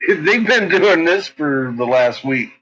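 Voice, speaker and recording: In a high-pitched, slightly bright voice, a male vlogger chats casually at home, cursing a lot, laughing often, and talking to his barking dogs. Faint noise runs through the dull lo-fi home recording.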